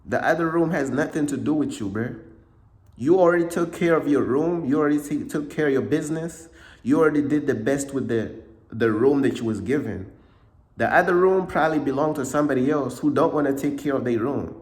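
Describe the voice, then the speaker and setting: A man giving a casual motivational talk, repeating himself often, with a slightly cracking voice and frequent throat clearing. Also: fairly high pitch, fairly quick, darkish tone, reverberant. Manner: repetitive, conversational, frequent "bruh" and "you know what I'm saying". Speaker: motivational speaker.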